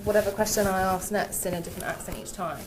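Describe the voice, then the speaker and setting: A woman asks questions in a casual, teasing tone, her pitch middling. A faint hum of room noise sits behind her. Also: fairly even intonation, quick pace. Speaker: interviewer. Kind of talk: casual interview.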